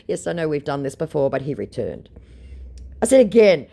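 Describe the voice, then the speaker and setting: Australian woman scambaiter, dry mocking delivery, lower voice but very lively. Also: fairly quick, gravelly. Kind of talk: sarcastic storytelling.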